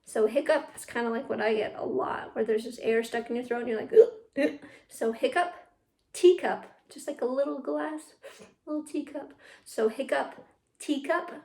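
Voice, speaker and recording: Upbeat high-voiced woman drama teacher. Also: steady tone, vocal fry. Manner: upbeat, encouraging, drills tongue twisters slowly. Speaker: youth theatre drama teacher. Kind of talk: online class for children. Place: at home on a video call. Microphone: computer mic.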